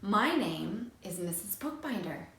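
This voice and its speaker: A woman voicing a gentle female butterfly teacher who speaks slowly, soothingly and firmly. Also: medium pitch, very animated, distant mic. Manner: soothing, slow and firm. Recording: echoey room.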